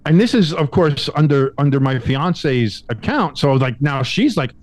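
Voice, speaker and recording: Animated male podcaster telling a rant. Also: normal speed, hardly any pauses, no echo. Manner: animated storyteller, acts out quotes with big pitch jumps, swears. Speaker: podcast co-host. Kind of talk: casual chat.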